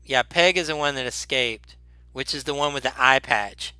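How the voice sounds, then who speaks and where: Rambling game master with a bright voice. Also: male voice, mid-range voice, clear, resonant tone, no echo. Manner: rambling, halting, laughs often. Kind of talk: narrating a tabletop game.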